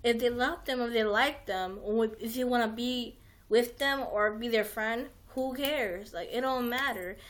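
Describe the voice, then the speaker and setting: Young woman streamer, fairly high voice, loose rambling delivery with lots of "like" and restarts. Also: measured pace, a bit bright. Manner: rambling, heavy use of "like", frequent restarts, swears. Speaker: livestream host. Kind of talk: casual rambling chat.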